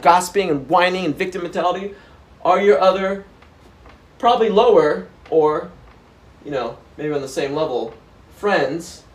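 A man ranting to camera as a motivational vlogger, blunt and profane, with sudden loud bursts. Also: on the high side. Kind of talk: unscripted motivational rant to camera. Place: indoors by a whiteboard. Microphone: camera framing him at a whiteboard.

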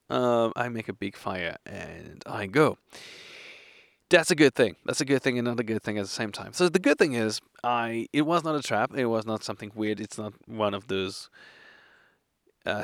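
Tipsy hiker man with a gravelly voice. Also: fairly low pitch, moderate pace, dry recording, studio quality. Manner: hesitant, rambling, laughs often. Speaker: solo hiker vlogger. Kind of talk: casual storytelling to camera. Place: campsite outdoors.

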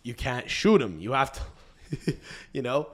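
A male podcast host chatting casually in a rambling, profane way. He often restarts his sentences mid-thought. His voice sits at an ordinary middle pitch. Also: sing-song, takes it slowly, a bit bright.

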